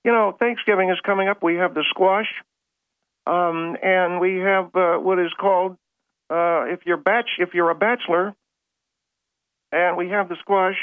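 A fairly high-voiced man calling in to a talk show, hesitant and full of fillers. His voice comes through a thin, tinny phone line and sounds dry and close. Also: steady tone, unhurried, clean tone, dry recording. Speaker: caller. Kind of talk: phone-in chat.

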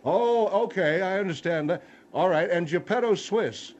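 A man voicing a slow-to-follow panelist who sputters out confused questions. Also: high-pitched, expressive, darkish tone, muffled recording, pitched above the performer's own voice.

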